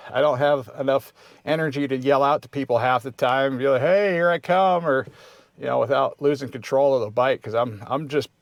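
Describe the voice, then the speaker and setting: A man's voice: mid-range voice, dry recording. A man in his fifties hosting a casual vlog, talking in an easygoing, rambling way with many restarts. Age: 50s. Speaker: vlog host.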